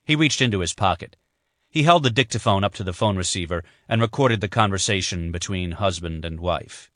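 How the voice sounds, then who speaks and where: A male narrator reading a thriller audiobook in a measured, even way. His voice sits low, and the recording is close and dry with no room sound. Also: no room sound. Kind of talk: scripted narration.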